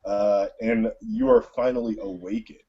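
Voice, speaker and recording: A man runs a tabletop game in a halting, filler-strewn narration, his voice husky and gravelly with a lively rise and fall. The sound is muffled and lo-fi, like a voice call. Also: mid-range voice. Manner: slow, halting, with many fillers. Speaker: game master.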